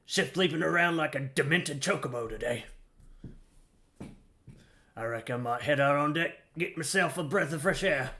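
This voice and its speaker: A man voicing a chatty male ship peddler in a gruff, grizzled voice, reading game dialogue aloud. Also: fairly high pitch, pushed and bright. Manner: folksy and rambling, calls listener lad.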